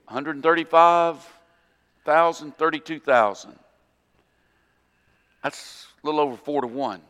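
A man preaching a sermon, animated storytelling that acts out scenes and quotes scripture. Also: high voice. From Florida. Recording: long hall reverb.

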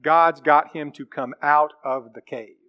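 A man with a high voice preaching a sermon. He reads scripture aloud and then talks it through in a conversational way, asking his listeners questions. His voice rises and drops as he goes. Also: steady tone, a little slow, muffled recording. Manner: reads scripture then explains, voice rising and dropping.

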